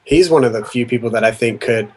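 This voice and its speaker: A man's voice: medium pitch, fast. A man guest in a casual gaming chat, earnest and restarting his phrases, heard over a voice call. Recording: noisy voice call.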